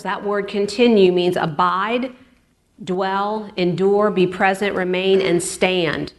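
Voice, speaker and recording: A woman's voice: medium pitch, measured pace. A woman pastor preaching a sermon in a chatty way, repeating words for emphasis. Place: church.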